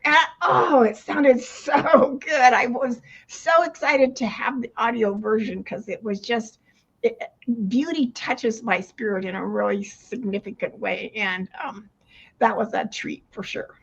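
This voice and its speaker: A woman's voice: on the high side, unhurried, creaky, slightly rough. An older woman, a retirement coach, talking casually in an interview, rambling with many restarts and frequent laughs. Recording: dull lo-fi sound.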